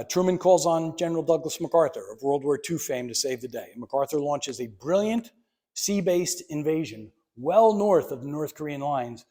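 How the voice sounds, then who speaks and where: A man's voice: fairly high pitch, mellow. Emphatic man giving a history lecture. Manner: conversational, emphatic, wry asides. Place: library meeting room.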